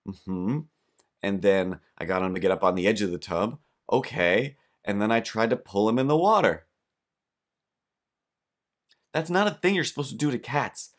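A man hosting a podcast, telling rambling stories with deadpan jokes in a casual, comedic monologue. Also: fairly low pitch, moderate pace, long pauses. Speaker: podcast host.

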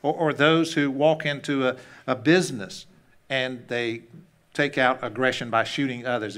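Male pastor, mid-pitched, casual sermon delivery with loud-soft swings. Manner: conversational, repeats words when restarting; shifts between loud emphasis and hushed asides.

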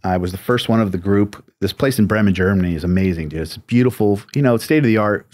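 A man's voice: fairly low pitch, quick pace, a little mellow, no room sound. A man, a tattoo artist from the United States, telling a long story in a casual, rambling interview manner with many fillers. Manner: laid-back, rambling, lots of "like" and "you know".

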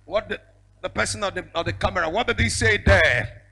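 A male evangelist, preaching a fiery sermon with prophetic declarations. He moves between shouted declarations and a low storytelling voice. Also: brisk, creaky. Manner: bursts into speaking in tongues.

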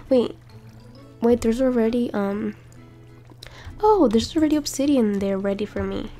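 A young woman doing excited let's-play commentary, gasping and repeating herself often. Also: mid-range voice. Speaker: gaming YouTuber.

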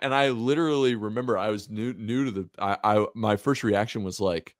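A man in his thirties, a guest on a podcast, telling a story in a lively, animated way. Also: fairly low pitch, brisk, dry recording, clean studio sound. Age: 30s. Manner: animated, lively storyteller who acts out other people's lines and laughs often. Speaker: whiskey brand founder, podcast guest.

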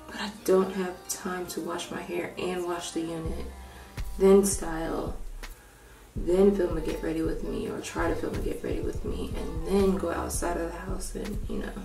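A low-voiced young woman with a gravelly morning voice chats loosely through a hair tutorial, thinking out loud as she goes. She sits back from the camera in an echoey room at home, and faint music plays underneath. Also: flat delivery, moderate pace, far from the mic. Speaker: hair vlogger. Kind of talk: casual tutorial chat.

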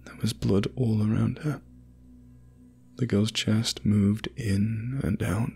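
A man narrating a scripted first-person horror story in a measured, grim way. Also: lowish voice, steady tone, creaky, a little mellow, soft background music.

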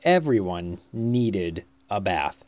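A children's book reader telling a picture-book story aloud, slow, deliberate and expressive. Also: low voice, no room sound.

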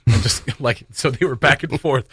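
A man with a Canadian accent, telling rambling, animated stories in casual radio-studio chat. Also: mid-range voice, normal speed, husky, dry recording. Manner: rambling, animated storyteller, trails off mid-sentence. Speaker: radio show regular.

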